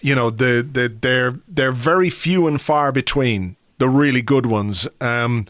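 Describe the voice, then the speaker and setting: A man's voice: medium pitch, a little slow, no echo, studio quality. A man hosting a podcast, chatting casually with a guest and leaning on plenty of fillers. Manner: relaxed, chatty, many fillers. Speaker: podcast host. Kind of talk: casual chat.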